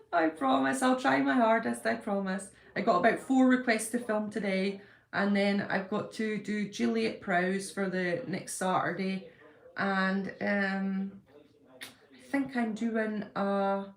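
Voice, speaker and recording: Woman, 50s, livestream host; chatty and warm with viewers, mid pitch, roomy echo. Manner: chatty, warm greetings, frequent ums and apologies. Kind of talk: casual live chat, reading viewer comments aloud.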